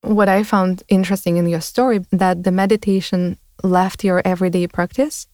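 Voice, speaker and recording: A woman hosts a podcast in a casual, thoughtful conversation and laughs easily. Her voice sits a little low for a woman. The recording is dry and close. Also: flat delivery, moderate pace, darkish tone, dry recording. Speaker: podcast host.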